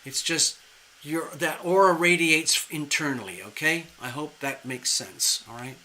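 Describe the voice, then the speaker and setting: Bright-voiced chatty tarot reader. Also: male voice, a little high, measured pace, slight background noise, low-quality recording. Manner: animated, chatty, conversational and playful. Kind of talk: live-stream tarot reading.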